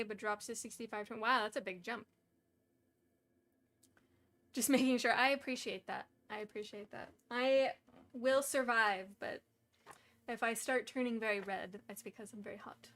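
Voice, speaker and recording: A woman's voice: fairly high pitch, steady tone, moderate pace, long pauses, fairly bright tone. A young woman hosting a stream, reading a storybook aloud and chatting casually, giggly and self-deprecating, feeling overheated. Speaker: stream host and reader.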